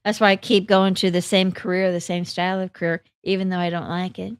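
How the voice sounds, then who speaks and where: A woman's voice: lowish voice, level tone, fairly quick, clean tone, no room sound, clean studio sound. A woman life coach and hypnotherapist talking casually and candidly, telling stories to her audience. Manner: candid, chatty storyteller.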